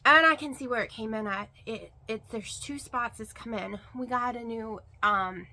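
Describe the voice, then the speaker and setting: A woman's voice: fairly high pitch, normal speed, pushed and bright. A woman vlogger talking casually to the camera, rambling and emphatic, repeating words for stress. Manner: rambling and chatty, with many fillers.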